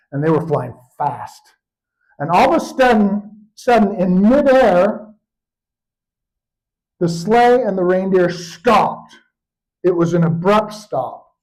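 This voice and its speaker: An older man telling stories in an animated, expressive way at a live storytelling performance. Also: sits high, rough recording.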